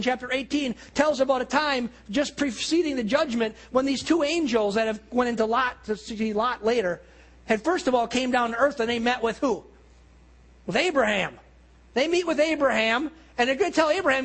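A man preaching earnestly, slowing down and dropping low and quiet at solemn points. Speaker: pastor. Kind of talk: sermon.

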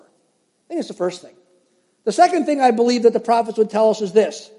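A man's voice: very high-pitched, expressive, fairly quick, pauses often, mellow, long reverb tail. An older man preaching a sermon as pastor, emphatic and repeating phrases for stress while addressing the congregation directly.

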